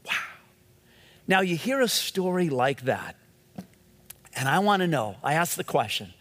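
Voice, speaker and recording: A man preaches from the pulpit, telling stories in a loose, conversational way. His voice sits a bit higher than most men's, and he often circles back over his own phrases. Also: big pitch swings, measured pace, pauses often, fairly bright tone, big-room sound. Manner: conversational storytelling with many restarts. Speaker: pastor. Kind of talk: sermon.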